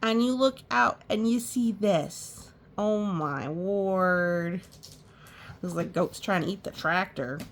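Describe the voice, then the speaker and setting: Brief: a woman reading a children's picture book aloud, animated, pointing out pictures, unhurried delivery. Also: medium pitch, slight background noise. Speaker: storytime reader.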